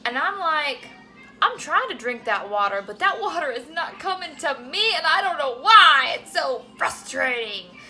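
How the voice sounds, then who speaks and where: A young woman talking casually while cooking at home, animated and swearing freely as she asks her viewers "okay?" all the time. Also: high voice, unhurried, poor audio. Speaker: cooking vlogger. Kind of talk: casual chatty cooking vlog.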